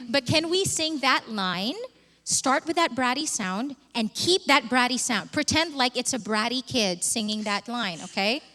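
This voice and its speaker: A woman vocal coach leading a live workshop, energetic and breaking into short sung phrases to demonstrate. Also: sits high. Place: large hall with live audience. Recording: reverberant hall.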